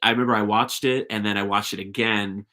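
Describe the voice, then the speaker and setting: A man's voice: on the low side, steady tone, a little fast, bright, forceful tone. A young man in casual chat as a podcast guest, rambling with many fillers and restarts.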